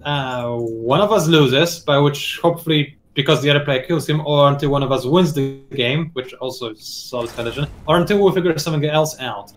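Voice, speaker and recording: A man's voice: on the high side, a little fast, hardly any pauses, slight background noise. A man hosting a strategy game session, talking casually and playfully while explaining the game as he plays. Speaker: host and player. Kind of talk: casual gameplay commentary.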